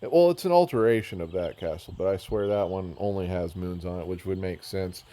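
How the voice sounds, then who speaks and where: A gamer with a deep, dark-toned voice talks briskly as he tours a build in a game world. His commentary is casual and rambling, full of self-mocking jokes, and he's easily pulled off onto tangents.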